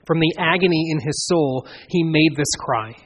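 A man preaching an expository sermon in an earnest way, building to emphatic swells and then dropping low. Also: normal speed, slightly rough. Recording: long reverb of a large hall.

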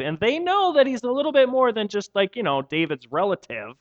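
A man preaching a sermon, telling the story in a playful, animated way with casual slang. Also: high-pitched, fairly quick, dull audio. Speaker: pastor.

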